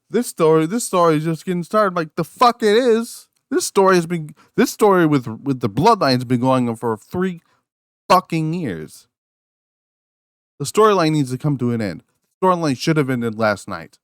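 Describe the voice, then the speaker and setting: Brief: man, solo podcast host, heated profane rant, slightly high voice, dry close sound. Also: dry recording. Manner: angry, profane, repeats words and restarts.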